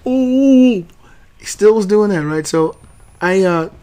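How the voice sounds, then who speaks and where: A man hosting a channel, telling a family story casually and acting out the quoted lines loudly. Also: high-pitched, animated, takes it slowly. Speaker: channel host and father.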